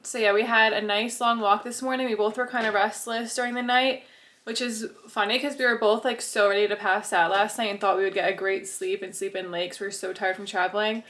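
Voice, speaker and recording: A woman's voice: medium pitch, steady tone, brisk, fairly bright tone. A woman vlogging in a chatty, bubbly way and laughing often, filming on a handheld phone while travelling. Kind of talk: casual vlog chat. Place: outdoors and indoors while travelling. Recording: noisy handheld travel footage.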